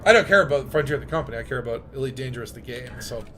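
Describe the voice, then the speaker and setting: A man's voice: medium pitch, animated, rapid-fire, pushed and bright, slight background noise. A man streaming a game and chatting casually in a rambling, jokey way, with lots of fillers. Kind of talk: casual gaming chat.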